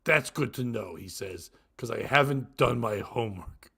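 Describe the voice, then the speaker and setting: A man co-hosts a crude comedy podcast, reading jokes aloud one after another and bursting into cackling laughter. His voice is mid-range, gravelly and husky, with a fairly bright tone, an animated delivery, and a moderate pace.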